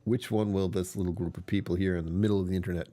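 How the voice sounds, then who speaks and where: Worn-out guy with a low rumbly voice, joking around on a livestream, lots of laughs. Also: fairly even intonation, very fast, warm tone. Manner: chatty, joking, often laughing. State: tired. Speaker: livestream host. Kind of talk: casual livestream chat.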